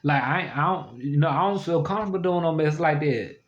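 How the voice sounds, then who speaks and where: A man telling stories casually to the camera, chatty and animated, rambling and laughing often. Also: fairly high pitch, a little fast, muffled recording. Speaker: vlogger.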